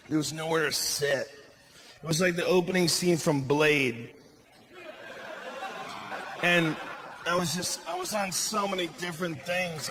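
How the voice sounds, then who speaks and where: A man performing a stand-up comedy set, loud and profane, shouting his punchlines. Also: high voice. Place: comedy club stage with a laughing audience. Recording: live club recording with audible crowd noise.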